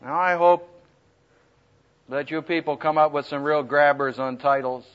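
Man, preacher, high voice, lively pitch, humorous teaching talk, dull lo-fi recording. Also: a little slow. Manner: animated, humorous, acts out quoted voices loudly. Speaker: preacher teaching speaking skills. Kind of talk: lively sermon-style talk to students.

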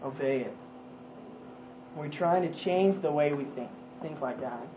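A man's voice: on the high side, moderate pace. Casual man teaching scripture, lo-fi. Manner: conversational, asks questions, frequent ums and restarts. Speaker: Bible study teacher. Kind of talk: informal Bible teaching. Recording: dull lo-fi recording with faint noise.

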